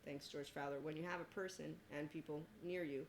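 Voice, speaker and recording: A woman's voice: deep voice, fairly even intonation, a little fast, a little hiss or hum, rough recording. A woman hosting a podcast in a casual, rambling monologue, sarcastic and laughing often. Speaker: podcast host.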